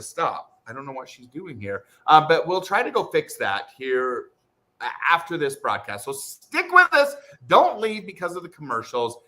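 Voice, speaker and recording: A man hosting a casual livestream, chatting with viewers and greeting them in excited bursts. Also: on the high side. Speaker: livestream host.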